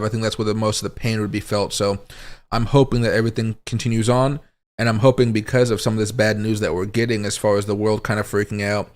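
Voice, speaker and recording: A man giving casual, rambling livestream commentary on crypto charts, thinking aloud as he goes. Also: lowish voice. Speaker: crypto market streamer.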